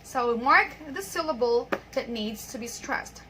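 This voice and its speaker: A woman teaching an online English pronunciation lesson, patiently reading example sentences and repeating them slowly. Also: on the high side, animated, noisy background.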